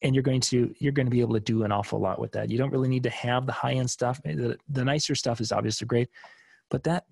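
A man's voice: medium pitch, steady tone, fast talker, vocal fry, darkish tone, breathy edge, no room sound, clean studio sound. A middle-aged man hosting a live streaming seminar from a home desk, chatty and rambling with many restarts as he answers viewer questions.

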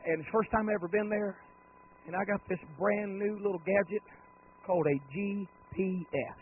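A man preaching a holiness sermon. He tells folksy, humorous stories and swings from low talk to rising, shouted, drawn-out cries. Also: fairly even intonation, a little hiss or hum. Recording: tinny phone-like lo-fi recording.

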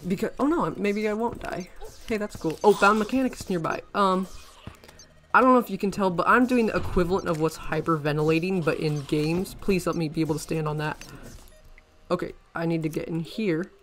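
Brisk and high-voiced, this man rambles excitedly through his let's-play commentary as a gaming channel host, often erupting in panicked exclamations.

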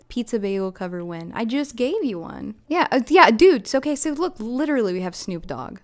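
A woman casually streaming a video game. She chats excitedly, coos at the pets on screen, and breaks into squeals and laughter. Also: on the high side, brisk, few pauses.

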